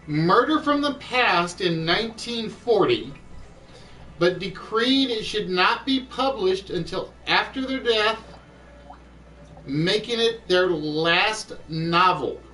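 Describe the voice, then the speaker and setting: A man hosting an online quiz show, chatting and thinking aloud, reading clues out slowly. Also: sits high, expressive, pushed and bright, recorded from a distance, poor audio. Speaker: game show host. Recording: voice a bit off-mic with music behind.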